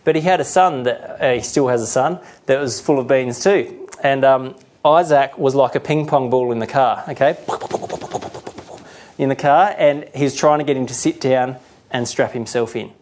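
A man's voice: medium pitch, moderate pace, a little mellow, a little hiss or hum. A middle-aged male pastor preaching a sermon earnestly, sometimes acting out the voices he quotes.

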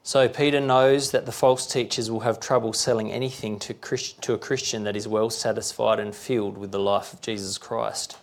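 Gravelly man preaching a sermon. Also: lowish voice, fairly even intonation, normal speed, hardly any pauses. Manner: conversational preaching with frequent rhetorical questions.

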